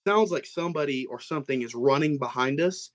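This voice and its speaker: A young man from Oklahoma, a guest on a casual podcast, recounts his own eerie encounter in a rambling, animated way, full of "like"s and acting out everyone's dialogue. His mid-range voice moves fairly quickly.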